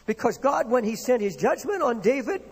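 A man's voice: very high voice, big pitch swings, moderate pace, husky. A man preaching a sermon with impassioned, rising and falling delivery, in a church hall. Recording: long reverb of a hall.

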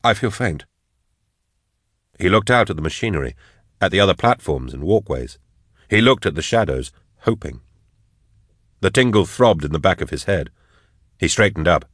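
A man reading a novel aloud as narrator, in a steady, measured storytelling manner. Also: sits low, dry recording, studio quality. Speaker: audiobook narrator. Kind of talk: scripted narration.

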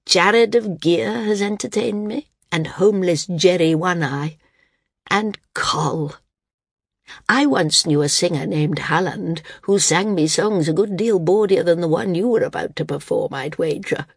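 A woman reading the part of a frail, dying old woman who speaks frankly, wearily and with quiet firmness. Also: on the low side, unhurried, creaky, slightly rough, no room sound, clean studio sound, full character voice. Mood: wry. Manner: frank, weary, gently firm.

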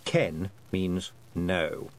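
A man's voice: fairly even intonation, extremely slow, vocal fry, exaggerated voice. A man voicing a dry, knowing male talking toad who murmurs wry asides. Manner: low, confiding, wry. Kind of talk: audiobook character voice.

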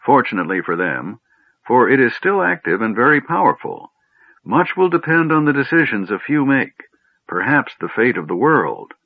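A man voicing a weary, stern old male wizard who speaks gravely and with authority. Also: mid-range voice, very animated, normal speed, no room sound, voice pushed up. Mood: tired gentle. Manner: grave, commanding, then gentle. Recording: dry, tinny phone-like audio.

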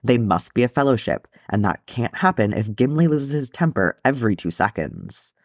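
A man reading as a soft-spoken gentle dwarf. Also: mid-range voice, big pitch swings, normal speed, no room sound, studio quality. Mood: pleading. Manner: soft, pleading.

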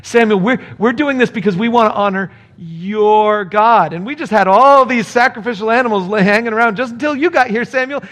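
A man's voice: high-pitched, brisk, hardly any pauses, a bit bright. A man voicing a sheepish, excuse-making king who sounds like a child, in a whiny, wheedling way.

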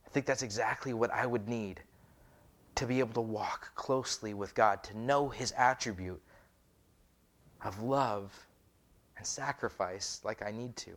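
A man's voice: on the low side, unhurried, long pauses, a bit bright. Conversational man preaching. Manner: conversational, rhetorical questions, frequent restarts. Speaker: pastor. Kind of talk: sermon. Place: church.

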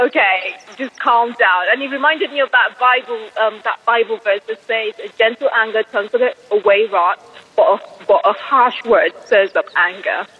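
A woman's voice: high-pitched, husky, dull audio. Chatty woman telling a story. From England. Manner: chatty storytelling with many fillers. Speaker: caller. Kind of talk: recorded voicemail to a podcast.

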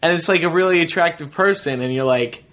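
A man co-hosting a video podcast, easygoing and quick to laugh as he tells stories. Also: on the high side, a bit bright. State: nosebleed, pinching his nose. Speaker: podcast co-host. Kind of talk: casual chat. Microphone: studio podcast mic.

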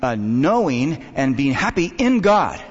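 A male pastor delivers a conversational sermon, his pitch rising and falling animatedly as he tells stories and jokes. His voice carries a long reverb from the church hall. The recording sounds a little dull and muffled. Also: measured pace, breathy edge. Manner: lively, joking, storytelling with acted quotes. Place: church sanctuary.

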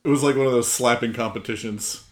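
A man on a podcast throwing in quick, teasing asides. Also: mid-range voice, fairly even intonation. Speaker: podcast co-host. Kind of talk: casual banter.

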